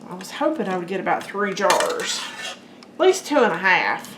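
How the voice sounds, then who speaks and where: A woman's voice: fairly low pitch, big pitch swings, normal speed, very noisy. Chatty woman cooking in an echoey kitchen. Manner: chatty, talks to viewers as guys and folks. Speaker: home cooking channel host. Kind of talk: casual cooking demonstration. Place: home kitchen. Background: clinking dishes and utensils.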